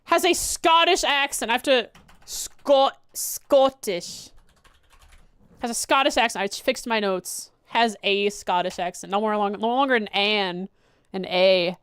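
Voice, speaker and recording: A woman's voice: medium pitch, measured pace, fairly bright tone, clear, resonant tone, no echo. A woman game streamer chatting casually, giggly and self-deprecating. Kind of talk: casual livestream chat.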